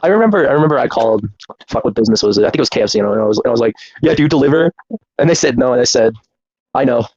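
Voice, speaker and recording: A man's voice: mid-range voice, animated, racing, darkish tone. A man co-hosting a casual comedy podcast, riffing on jokes in a playful way. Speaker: podcast co-host. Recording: dull lo-fi sound.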